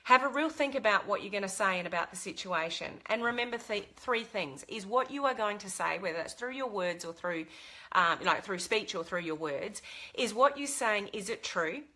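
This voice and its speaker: A woman with a bright, forward voice talks straight to the camera, giving earnest advice. She is middle-aged and speaks casually, with fillers and restarts. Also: mid-range voice, animated, normal speed. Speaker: vlogger giving life advice.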